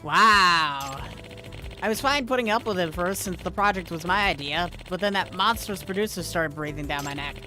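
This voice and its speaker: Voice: medium pitch, a little fast, hardly any pauses, bright, forceful tone, soft background music. A streamer casually reading video game dialogue aloud, with wry asides.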